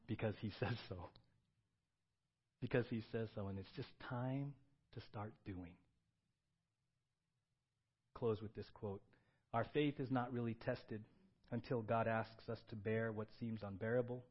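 Guy preaching a sermon, gets loud and excited then drops quiet and earnest, kinda muffled lo-fi sound. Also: lowish voice. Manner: animated, swings from loud excited bursts to quiet earnest tones; reads scripture aloud. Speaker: pastor.

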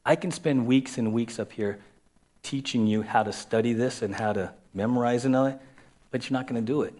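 A man's voice: mid-range voice, brisk, darkish tone. A man preaching a sermon as a pastor in a conversational way, repeating key phrases and acting out quoted voices.

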